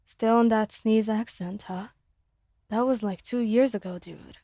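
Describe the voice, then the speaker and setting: A woman voicing an easygoing young man teasing gently in a soft whispered role-play. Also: a little high, measured pace, dry recording, clean studio sound. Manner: soft, chuckling, laid-back.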